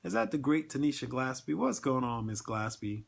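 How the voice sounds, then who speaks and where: A man's voice: medium pitch, moderate pace, gravelly. A man hosting a casual livestream, talking in an earnest, emotional way with many filler words and ums. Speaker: network marketing livestream host.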